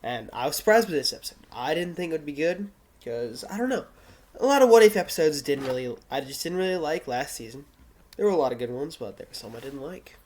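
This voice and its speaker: A man's voice: a little high, animated, fast, a little mellow. A man talking casually into his camera at home, reviewing a TV episode and recapping the plot, rambling with lots of fillers and self-corrections.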